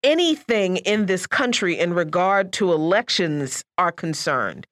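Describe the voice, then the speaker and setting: This woman co-hosts a political talk radio show with an animated, emphatic delivery. Her pitch moves widely and expressively. The recording is dry and close, with no room sound. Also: a little slow, dry recording. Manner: animated, emphatic, laughs mid-sentence.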